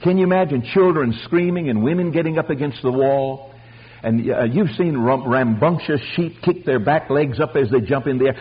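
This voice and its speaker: An older man preaching a folksy storytelling sermon, animated and acting out the voices of the people in his stories. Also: medium pitch, moderate pace, breathy edge, highs cut off. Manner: animated, acts out voices, chuckles.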